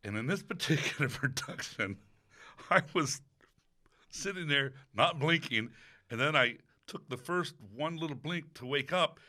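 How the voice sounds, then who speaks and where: A man, an opera singer, telling a story about a stage role in casual chat, lively and quick to laugh. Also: on the high side.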